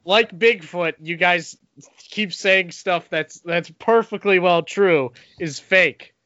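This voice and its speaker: A man's voice: high-pitched, takes it slowly, pushed and bright, no room sound. A man co-hosting a casual podcast with goofy, playfully naive jokes. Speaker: co-host. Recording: dry, dull lo-fi sound.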